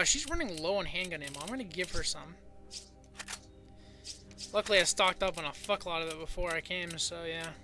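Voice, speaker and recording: A let's play commentator who talks to the game in exasperated rants, swearing and breaking into loud outbursts. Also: medium pitch, slight background noise. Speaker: gameplay commentator. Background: game music.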